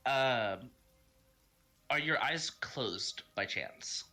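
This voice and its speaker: A man's voice: mid-range voice, lively intonation, extremely slow, pushed and bright. A man narrating as game master over online voice chat, hesitant and full of ums and uhs.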